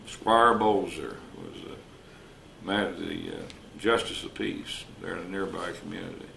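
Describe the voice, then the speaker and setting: An older retired wildlife officer telling folksy stories in an interview, acting out the voices of the people in them. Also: male voice, low-pitched, measured pace, vocal fry, fairly bright tone. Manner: folksy, anecdotal, acts out quoted dialogue. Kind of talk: storytelling interview. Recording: roomy recording with faint noise.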